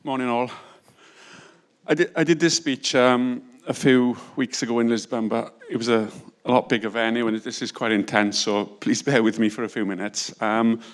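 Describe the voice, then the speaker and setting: This is a man in his forties with a clear, resonant voice at a middle pitch, speaking from a conference stage. He tells his story in a humble, self-deprecating way and pushes on a little hurriedly. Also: flat delivery, moderate pace. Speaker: estate agent giving a talk. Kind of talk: conference talk.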